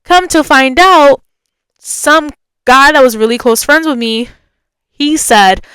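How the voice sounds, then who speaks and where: A woman podcast host telling a story in a casual, chatty way. She leans on "like" as a filler and jumps her pitch when she acts out other people's voices. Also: takes it slowly, pushed and bright, no echo.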